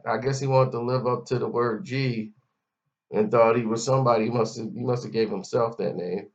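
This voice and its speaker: A man giving a mocking, scolding commentary rant, talking straight at the person he criticizes. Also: medium pitch. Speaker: commentary vlogger. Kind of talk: ranting commentary. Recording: dull lo-fi audio.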